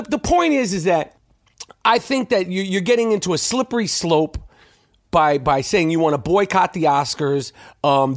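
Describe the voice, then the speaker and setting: A man's voice: high voice, dry recording, studio quality. A man hosting his own podcast, rambling through a profane opinion monologue with lots of stammered restarts. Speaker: podcast host.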